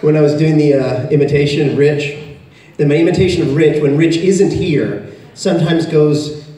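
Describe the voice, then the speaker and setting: Brief: playful, self-mocking man, high voice, stage banter, distant mic, heavy hall echo. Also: normal speed, mellow. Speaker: convention panel guest. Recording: echoey hall from far off, noisy.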